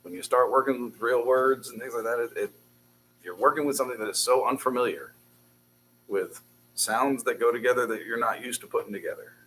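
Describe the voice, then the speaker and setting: A man's voice: mid-range voice, brisk, fairly bright tone, slight background noise, low-quality recording. A man teaching a beginners' Hebrew class, patiently drilling syllables and encouraging his students. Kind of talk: classroom language lesson.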